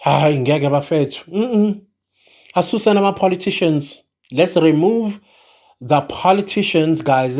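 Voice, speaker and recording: Slow, animated South African vlogger. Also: medium pitch. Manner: exasperated, switches into Zulu mid-sentence. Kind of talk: opinion commentary to camera.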